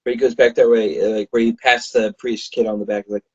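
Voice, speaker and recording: Husky male podcast co-host. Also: medium pitch, little pitch movement, a little fast, a little mellow, no room sound, lo-fi sound. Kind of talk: casual film-review chat.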